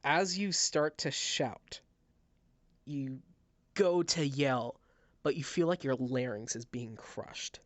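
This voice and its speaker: A man narrating as game master, describing scenes with halting restarts. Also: mid-range voice, no echo. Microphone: headset.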